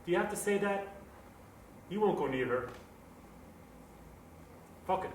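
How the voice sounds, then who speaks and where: A man's voice: high-pitched, animated, unhurried, slight background noise. An actor playing a frustrated grown son arguing with his mother, agitated and defensive. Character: anxious, frustrated grown son of the bar owner. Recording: echoey room, mic at a distance.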